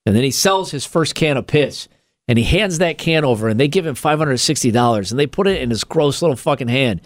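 A man in the middle of his range, co-hosting a comedy podcast and spinning a crude, animated story with lots of swearing. Faint music sits under his voice. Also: mid-range voice, brisk. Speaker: podcast co-host. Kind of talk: casual comedic podcast chat.

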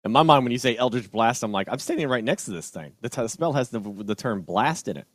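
A player in a tabletop game who gets excitable and frantic and stammers when flustered. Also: mid-range voice, fast talker, dry recording.

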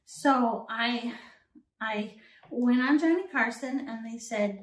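Animated woman telling stories in a roomy apartment. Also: a little high, takes it slowly, recorded from a distance. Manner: animated storyteller who acts out voices. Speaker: guest. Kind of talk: casual storytelling interview. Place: host's apartment.

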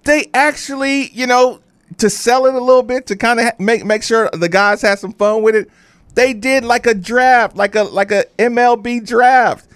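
A man's voice: very high voice, normal speed, smooth, dry recording. A man co-hosting a sports radio show, telling stories and ranting in casual banter. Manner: animated, ranting storyteller.

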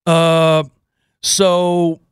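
A man from Houston, Texas, hosting a radio show in a casual, energetic, joking style. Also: on the high side, drawn-out words, clean tone, dry recording, clean studio sound. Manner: energetic, joking, self-deprecating.

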